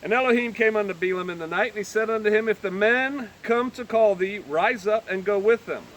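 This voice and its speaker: A high-pitched man with a bright, sharp voice reads old scripture aloud. He keeps stopping to add joking, offhand comments in plain modern speech, like a Bible teacher talking to a small group. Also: a little fast. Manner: reads old-fashioned scripture, then breaks in with joking everyday asides. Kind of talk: scripture reading with casual commentary.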